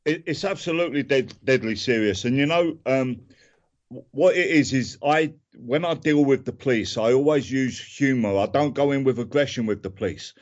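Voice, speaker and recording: A man's voice: mid-range voice, normal speed, dull audio. A man with a Cockney accent from southern England, speaking earnestly as a guest on a radio interview, plain-spoken and circling back with fillers. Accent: London Cockney. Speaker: guest musician and activist.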